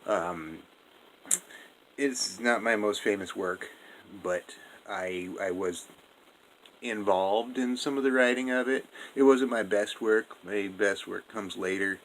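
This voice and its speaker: A man's voice: lowish voice, takes it slowly, fairly bright tone, slight background noise, rough recording. Sex: man. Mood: rambling. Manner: rambling, slangy, full of fillers and swearing. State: drunk. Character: drunk rambling male Jesus, laid-back slacker. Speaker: narrator. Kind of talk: comedic monologue retelling a story.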